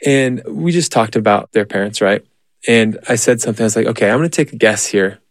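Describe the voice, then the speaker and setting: Earnest man, low dry voice. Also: a little fast, creaky, no echo. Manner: earnest, animated storytelling. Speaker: therapist and parenting guest. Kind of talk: conversational interview.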